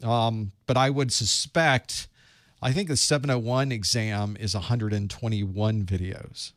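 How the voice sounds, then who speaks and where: Speaking slightly slowly in a steady, fairly low yet rather bright voice, a man with a Southern US accent warms up his livestream audience, calling out viewers by place before the certification study session he instructs. The studio recording is dry and clean.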